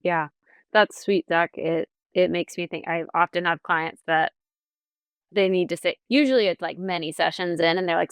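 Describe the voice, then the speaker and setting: A woman with a fairly low voice talks as a podcast guest, explaining her therapy work in a gentle, reflective way. The recording is dry and close. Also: fairly even intonation, normal speed, clear, resonant tone, no echo. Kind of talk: casual podcast conversation.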